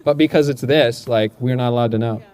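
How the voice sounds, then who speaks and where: A young man doing stand-up crowd work outdoors on a city street through a portable speaker, firing off quick political one-liners and teasing people passing by. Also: mid-range voice, darkish tone, smooth. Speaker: stand-up comedian. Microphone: amplified through a portable speaker.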